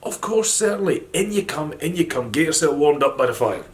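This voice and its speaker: A man voicing a poor widowed mother, apologetic and warmly welcoming to a stranger. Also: on the high side, lively intonation, a little fast, pitched above the performer's own voice, lightly acted. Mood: kindly.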